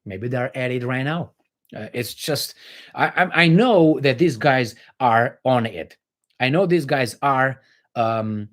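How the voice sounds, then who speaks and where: Speaking at a medium pitch, the livestream host goes through comments from viewers and gives his frank takes. He talks casually, stumbling into plenty of fillers and restarts.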